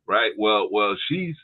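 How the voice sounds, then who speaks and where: A man co-hosting a podcast, laughing often and rambling through anecdotes in casual chat. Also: on the low side. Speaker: podcast co-host. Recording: tinny phone-like line.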